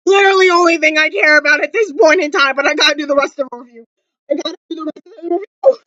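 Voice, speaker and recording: A woman reviewing a TV episode in a loud, shrieking, overexcited way. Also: high-pitched, quick pace, no echo, dull audio. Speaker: TV reaction vlogger. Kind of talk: excited reaction review.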